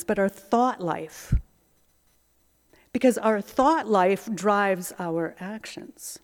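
Slow-speaking woman preacher, reflective. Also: medium pitch, a little mellow. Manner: reflective, self-searching, conversational. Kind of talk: sermon. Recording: long hall reverb.

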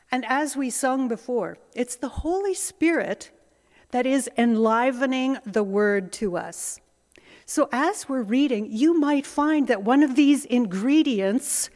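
Slow-speaking woman preacher, reflective. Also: fairly high pitch, a little mellow. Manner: reflective, self-searching, conversational. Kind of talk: sermon. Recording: long hall reverb.

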